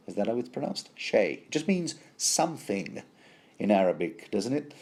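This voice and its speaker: A man's voice: low voice, expressive, unhurried, creaky, a little mellow, husky. A man giving a rambling, wry commentary on a novel, digressing often as he reads passages aloud. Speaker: book commentator.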